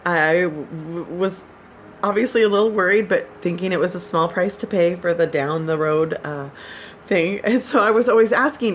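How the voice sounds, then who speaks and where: A woman's voice: fairly low pitch, moderate pace, a little hiss or hum. A woman vlogger chatting casually with her viewers, giggling and laughing often as she tells her stories. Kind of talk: casual chat to subscribers.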